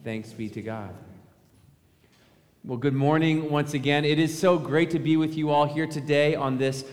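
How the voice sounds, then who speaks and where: In a church sanctuary with long reverb, a man delivers a sermon as pastor, talking in a conversational way and posing rhetorical questions to his listeners. His voice is slightly high and moves at a normal speed.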